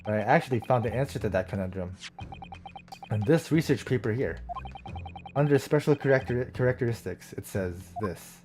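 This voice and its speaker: A man's voice: mid-range voice, fairly quick, long pauses. Male streamer doing all the dialogue voices in a game playthrough; faint game music underneath. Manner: switches between character voices, excitable reactions.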